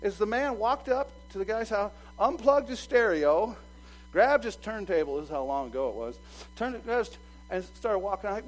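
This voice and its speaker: Animated preaching man, loud then low. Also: moderate pace, rough recording. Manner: preaching with big swings from loud urging to low asides. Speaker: pastor. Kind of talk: sermon.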